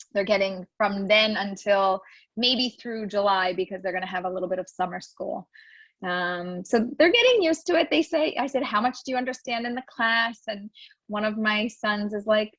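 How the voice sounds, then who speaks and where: A woman in her forties chatting in an interview, telling animated stories and acting out quotes. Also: medium pitch, dry recording. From United States. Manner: animated storyteller, acts out quotes. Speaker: guest, new immigrant. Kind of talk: casual interview chat. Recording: dull dry lo-fi sound.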